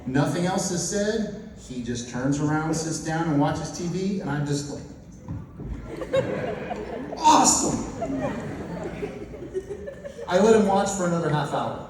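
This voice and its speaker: At a moderate pace with few pauses, a high-voiced male preacher narrates a story, lively and dramatizing the characters' lines. The mic sits far back in an echoey hall, and background noise comes through.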